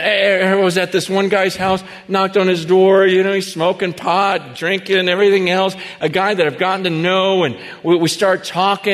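Pastor, male, high-pitched, animated storytelling sermon, long hall reverb. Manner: animated storytelling, swings from hushed to shouting.

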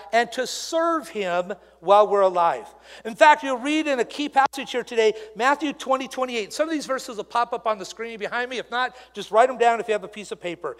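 A man with an unusually high voice delivers a sermon in a church sanctuary. He talks in a conversational, animated way, stopping for asides to the congregation. His voice carries a long reverb through the hall. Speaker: pastor.

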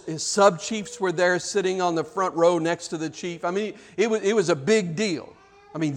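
A man preaching a sermon and telling a story, repeating words as he goes, dropping to hushed low passages and rising to loud shouted peaks. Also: in a large hall. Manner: repeats words and restarts often.

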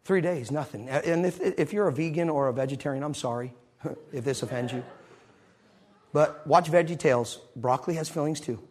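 A man preaching a sermon, telling a story and swinging between loud moments and hushed ones. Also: a little high, moderate pace.

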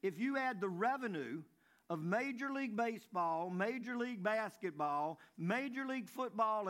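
A man's voice: high-pitched, fairly bright tone. A man preaching a folksy sermon, stumbling over and repeating words as he tells jokes. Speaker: pastor.

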